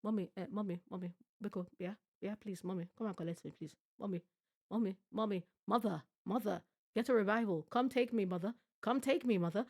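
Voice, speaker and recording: A woman's voice: mid-range voice, fairly quick, a little mellow, close to an everyday voice. A woman voicing a frightened grown man who begs his mother to come and take him away, in a whiny, pleading voice that repeats itself.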